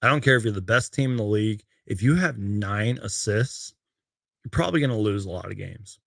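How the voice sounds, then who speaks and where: Gravelly low-voiced man hosting a livestream. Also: expressive, fairly quick, dry recording, clean studio sound. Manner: reads out game stats and viewer comments, loose and rambling. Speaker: sports fan livestream host. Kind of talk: casual live-stream chat.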